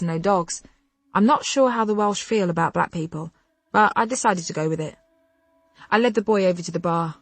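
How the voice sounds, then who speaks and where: A woman narrating a contemporary novel in first person, telling it in an expressive, wry way on a close studio mic. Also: lowish voice, no room sound. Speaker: audiobook narrator.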